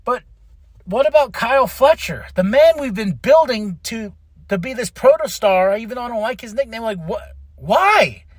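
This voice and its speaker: Young guy, high voice, hyped and cussing, dry close mic wrestling recap. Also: normal speed, dry recording. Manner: excitable, animated, swears casually. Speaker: podcast host.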